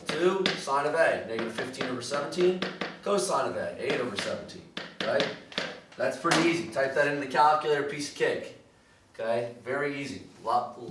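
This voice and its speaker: A man teaches a recorded math lesson, working through problems step by step and checking in often with "okay" and "all right." His medium-pitched voice is picked up from a distance and somewhat off-mic, in an echoey room with clear background noise.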